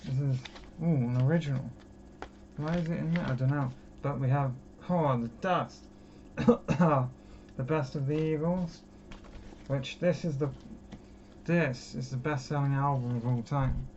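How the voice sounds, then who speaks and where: A man's voice: medium pitch, unhurried, a little mellow. Chatty young man in a lo-fi home recording. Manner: chatty, self-mocking, rambling. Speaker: record collection vlogger. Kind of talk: casual chat. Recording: dull lo-fi with clear background noise.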